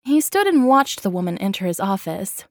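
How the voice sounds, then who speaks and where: A woman reading a romance novel aloud in a steady, even narration. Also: mid-range voice, moderate pace, no room sound, studio quality. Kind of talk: audiobook narration.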